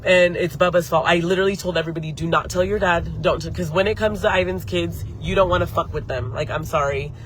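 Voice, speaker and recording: A woman's voice: on the low side, steady tone, quick pace, hardly any pauses, a little hiss or hum. A woman hosting her channel, telling a story live to viewers in a heated, profane way and stopping to answer chat comments. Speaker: beauty channel host. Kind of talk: live-streamed story time.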